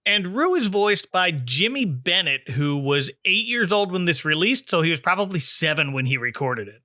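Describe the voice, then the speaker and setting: A man's voice: sits high, big pitch swings, normal speed, pushed and bright, dry recording, clean studio sound. A man hosting a podcast, recapping a cartoon special with informative asides and frequent chuckles. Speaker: podcast host.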